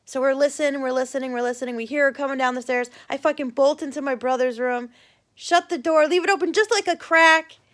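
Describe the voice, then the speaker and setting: Speaking fast in a high voice, a middle-aged vlogger shares a childhood tale casually. She gets animated, swears without holding back, and voices the people she quotes.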